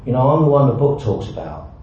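A man's voice: mid-range voice, very animated, quick pace, mellow, a little hiss or hum. A man telling his recovery story frankly, blunt and self-mocking, with the odd swear word and a habit of saying "right?". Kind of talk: personal recovery talk with self-mocking humour. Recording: very echoey, dull hall recording.

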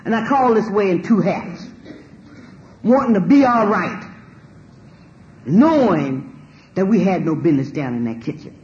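A woman giving a spoken personal testimony, animated and emphatic, swearing freely and laughing as she tells it. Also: mid-range voice, normal speed, pauses often, highs cut off. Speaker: storyteller sharing a personal testimony.

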